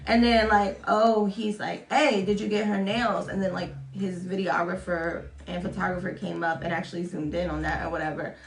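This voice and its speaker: A woman's voice: level tone, moderate pace, gravelly, hardly any pauses. A young woman telling a story to camera in a casual, chatty way, often swearing and mocking herself. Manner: chatty, swearing, self-mocking, acts out quotes in high voices. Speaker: vlogger. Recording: echoey room.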